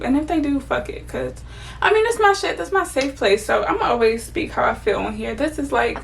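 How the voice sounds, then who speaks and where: A woman's voice: on the high side, gravelly, recorded from a distance, slight background noise. A young woman venting candidly and casually to her viewers as she does her makeup, swearing freely. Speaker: vlogger. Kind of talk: casual get-ready-with-me venting.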